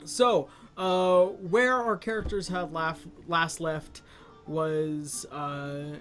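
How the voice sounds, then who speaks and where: A game master in a casual tabletop session, joking and swearing among friends, then recapping the story with many pauses. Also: medium pitch, steady tone, a bit bright, faint music behind.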